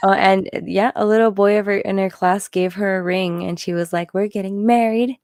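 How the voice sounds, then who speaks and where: A woman's voice: medium pitch, steady tone, moderate pace, a little mellow, dry recording, studio quality. A young woman in casual live-stream chat, reading out viewer comments and giggling often.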